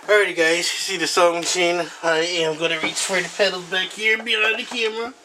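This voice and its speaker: Man hosting a casual home vlog, slightly high voice, halting and rambling, noisy camera-mic audio. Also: steady tone, sharp tone. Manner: rambling, halting, apologetic, with many fillers. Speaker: video host.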